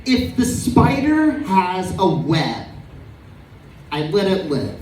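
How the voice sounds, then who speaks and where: A man's voice: high-pitched, very animated, slow, a little mellow, exaggerated voice. A comedian voicing his blunt, matter-of-fact older father in a stand-up set. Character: blunt older father giving flat advice. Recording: roomy live room, distant, crowd laughter.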